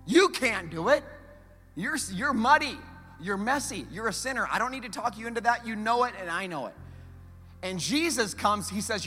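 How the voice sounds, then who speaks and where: This man's sermon is lively and conversational, his delivery as a pastor alternating between loud urgency and hushed stress, with rhetorical questions aimed at the congregation. His voice is high and his pace normal; he's in a large hall with faint music behind him.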